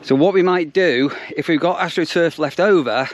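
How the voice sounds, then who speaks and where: A man's voice: fairly high pitch, normal speed, a little hiss or hum. A man, a campsite warden chatting casually outdoors, rambling with lots of ums and restarts. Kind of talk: casual vlog narration.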